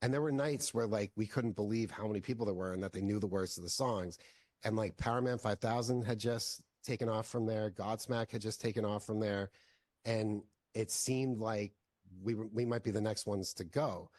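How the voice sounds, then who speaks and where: A filmmaker guest in a casual interview, telling long stories with lots of "like" fillers. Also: male voice, fairly low pitch, normal speed, a little mellow, no echo, studio quality. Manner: rambling, heavy use of "like" fillers.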